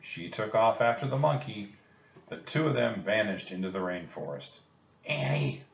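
A man reading a children's storybook aloud in a calm, measured way. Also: lowish voice, creaky. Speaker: narrator. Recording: echoey, distant and muffled.

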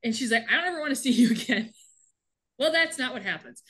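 A woman in casual chat, recapping a TV episode with lively, laughing delivery and quick acted-out lines. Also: sits high, a little hiss or hum. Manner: animated, laughing often, acts out characters' lines. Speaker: podcast co-host recapping a TV episode.

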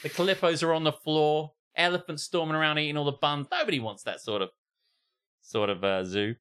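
A male comedy podcast co-host with a fairly high, clean-toned voice reads out an online post briskly. He riffs on it animatedly, laughing, cursing and doing mock voices.

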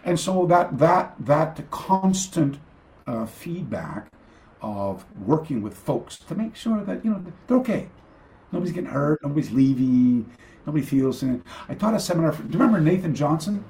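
A man's voice: on the high side, sing-song, normal speed, a little mellow. An older man, a karate teacher, telling long anecdotes in a casual interview over a video call, with many restarts and acted-out quotes.

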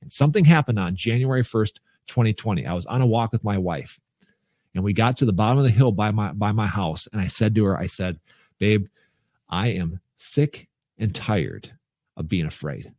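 A man's voice: fairly low pitch, animated, fast, a little mellow, dry recording, studio quality. A middle-aged man, a podcast guest, telling his personal story in an earnest, emphatic way with frequent restarts.

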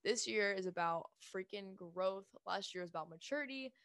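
A young woman vents in a casual vlog rant, blunt and emphatic, with frequent swearing and a steady stream of "like". Her voice sits at a middling pitch for a woman. The sound is close and dry, with no room echo. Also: normal speed, smooth. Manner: speaks with lots of "like" fillers. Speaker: vlogger.

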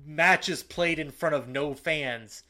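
A man co-hosting a soccer podcast in casual talk, animated and fired up, with frequent fillers and restarts. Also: a little high, takes it slowly. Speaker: podcast co-host.

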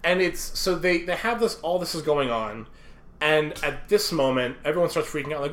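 A man's voice: fairly high pitch, animated, a bit bright, echoey room, a little hiss or hum. A man co-hosting a casual podcast, recapping a movie in a wry, playful way and acting out lines. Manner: wry, playful, talks fast in bursts and acts out lines. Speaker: podcast co-host.

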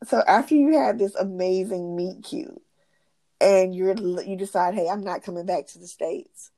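A woman's voice: medium pitch, normal speed, warm tone. A woman hosting an interview, giving short encouraging replies and asking follow-up questions. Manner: brief encouraging replies and laughter. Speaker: host. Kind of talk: interview chat.

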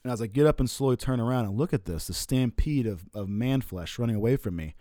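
An adult man telling a personal story in a casual way, relaxed and profane, laughing often and using lots of fillers. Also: medium pitch, fast talker, no echo, studio quality. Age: adult, looking back on his college years.

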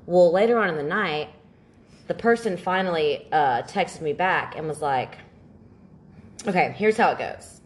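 A woman with a somewhat low voice chats casually as a podcast co-host. She tells long stories with energy and lively quoted lines, and swears freely as she goes. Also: measured pace. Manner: animated storytelling, swears freely. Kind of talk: casual chat.

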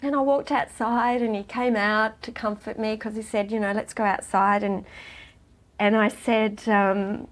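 A middle-aged woman, a podcast guest, telling her story in a heartfelt, halting way with frequent restarts. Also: mid-range voice, little pitch movement. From Australia. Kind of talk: emotional personal interview.

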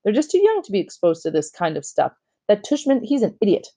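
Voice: mid-range voice, wildly swooping pitch, warm tone, voice pushed up. A reader voicing an outraged, indignant mother who fires off angry questions in a storybook. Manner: indignant, rapid rhetorical questions. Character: outraged upset wealthy mother, shrill.

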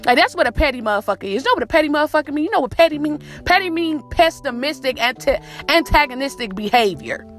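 A woman's voice: high-pitched, expressive, fast, hardly any pauses, fairly bright tone, faint music behind. A woman delivering a profane, repetitive motivational monologue as a podcast host, calling the listener "my baby.".

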